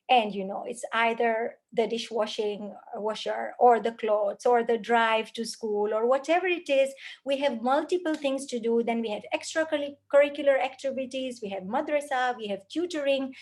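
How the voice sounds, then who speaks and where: A woman speaks in a voice a little higher than most. She lectures earnestly, stacking her points into repeated lists, with a self-mocking laugh here and there. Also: a little mellow. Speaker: parenting speaker. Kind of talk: spoken lecture.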